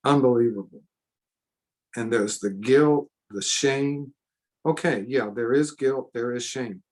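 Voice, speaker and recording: A man's voice: medium pitch, slow, a little mellow. A man teaching a seminar in a sermon style, earnest and emphatic, repeating phrases for stress. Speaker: seminar speaker.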